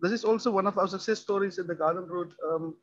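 Hesitant high-voiced man. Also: fast talker, slight background noise. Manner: hesitant, many ums and restarts. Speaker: municipal skills official. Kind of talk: presenting at a public forum. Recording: dull lo-fi recording.

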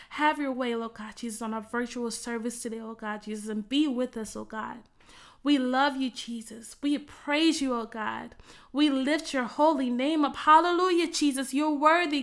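A woman's voice: high voice, vocal fry. A woman minister leading a virtual church service, praying fervently with murmured interjections and then talking casually to online viewers. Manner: chatty, coaxing viewers to type in the chat. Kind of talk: prayer and sermon on a virtual service.

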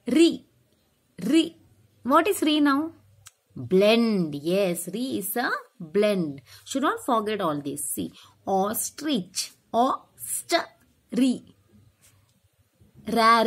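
A woman's voice: a little high, husky. A woman teaching a phonics lesson to children, sounding out letters one by one and quizzing them as she goes.

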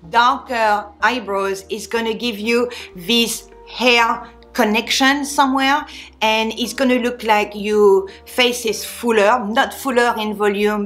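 A French-accented woman in her forties chats candidly to camera, giving beauty tips with small slips and restarts. Her voice sits a little high. Faint music plays quietly behind her. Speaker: beauty vlogger. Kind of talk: casual talk to camera.

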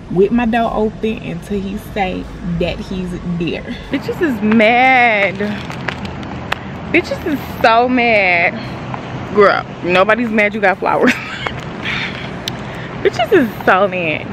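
A woman in her twenties chatting casually to her phone camera from a car, blunt, profane and playfully trash-talking. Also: mid-range voice. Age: 20s. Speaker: vlogger. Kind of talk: casual vlog chat. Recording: clear car and road noise.

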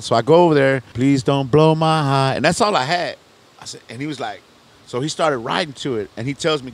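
A middle-aged man, a rapper, telling a long story in a casual interview, rambling in loose slang, restarting sentences and often asking "you know what I'm saying". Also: medium pitch. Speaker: rapper guest on a podcast.

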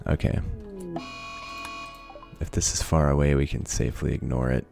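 A man's voice: a bass voice, fairly even intonation, moderate pace, creaky, pauses often, dark tone, soft background music. A man giving casual let's-play commentary, thinking aloud, swearing freely and laughing often. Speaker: gaming video creator.

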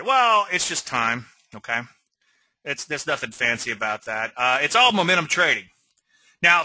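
A man's voice: on the high side, sharp tone. A man teaching swing trading on a live webinar, rambling and conversational, often checking in with "okay?". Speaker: trading educator.

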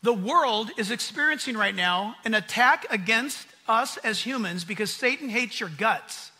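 A man preaching a sermon at a conference in an American accent, animated and acting out the voices he quotes. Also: sits high, measured pace, husky. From United States. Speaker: pastor. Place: conference hall.

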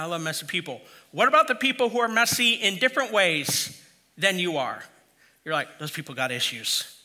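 A man's voice: high-pitched, sharp tone. A middle-aged pastor preaching a conversational sermon, mixing a funny travel story with direct appeals to his listeners.

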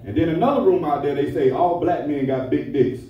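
A man with a voice on the high side delivers a crude, profane stand-up set fairly quickly, holding a handheld mic on a nightclub stage. The sound is dull and distant, with an echoey club and noisy background.

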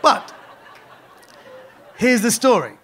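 A British man, a comedian, telling a true story on stage in an animated, self-deprecating way. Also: very high-pitched, slow pace, a faint crowd, slight background noise. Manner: animated, self-deprecating, laughing through lines. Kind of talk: live comic storytelling. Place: on stage at a live storytelling event.

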